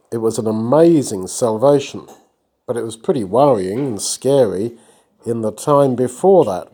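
A man's voice: medium pitch, dark tone. A man reading and explaining a Bible passage in an easy, conversational way, stopping to praise a listener. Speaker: Bible teacher. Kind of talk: informal Bible reading and teaching.

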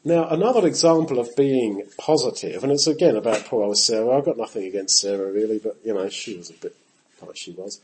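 A man's voice: lowish voice, fairly quick, slight background noise, rough recording. A man teaching the Bible in a conversational sermon. He talks straight to his listeners and acts out the quotes he reads. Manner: animated, acts out quotes with shifting voice, talks to his audience directly. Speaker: preacher.

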